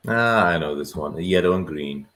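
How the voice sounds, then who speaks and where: A man playing a football quiz, thinking out loud and second-guessing his answers. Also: sits low, normal speed. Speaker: quiz contestant. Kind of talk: casual chat.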